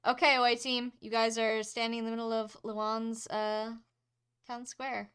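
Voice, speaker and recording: Bright, giggly woman game master. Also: a little high, level tone, measured pace, smooth. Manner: playful and giggly, loose and chatty. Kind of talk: narrating a tabletop game.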